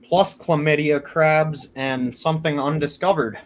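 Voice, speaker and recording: A man's voice: on the high side, fairly even intonation, measured pace, slight background noise. A man co-hosting a casual podcast chat, cursing a lot, joking around and admitting he is forgetful. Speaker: podcast co-host.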